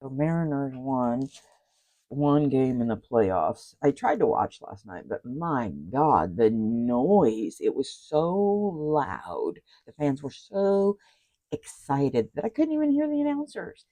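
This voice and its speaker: A woman's voice: a bass voice, sing-song, slow, mellow, low-quality recording. A woman crafter chatting casually as she shows a handmade journal, rambling with asides and apologies. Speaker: craft vlogger. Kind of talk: casual journal flip-through chat.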